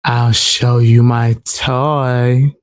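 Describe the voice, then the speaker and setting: A man's voice: mid-range voice, level tone, extremely slow, pitched below the performer's own voice. A man mimicking a whiny woman who demands to see receipts, drawn out and taunting.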